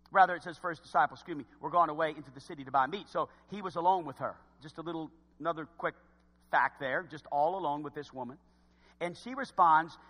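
A man preaching a sermon and retelling a scripture story, swinging from loud bursts to hushed asides. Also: high voice, long reverb tail.

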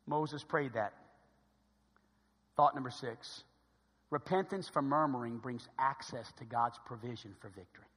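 A pastor preaching an impassioned sermon that swings between hushed and loud, heard in a church sanctuary. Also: male voice, medium pitch, measured pace, slightly rough. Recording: long hall reverb.

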